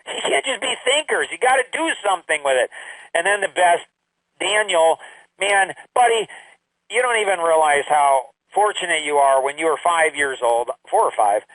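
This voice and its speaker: An older man giving his grandchildren a rambling, emphatic life lesson, with sudden high exclamations. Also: expressive, normal speed, a bit bright, dry recording, recorded from a distance, low-quality recording. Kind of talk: casual recorded talk to family.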